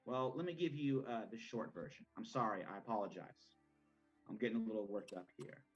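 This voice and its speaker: A smooth older mob boss who lays out his plans slowly and deliberately, played by a man running a tabletop game. The voice sits at a middling pitch with a husky edge. The recording is muffled and lo-fi, with faint music underneath. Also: lively intonation. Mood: scheming. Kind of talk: tabletop role-play.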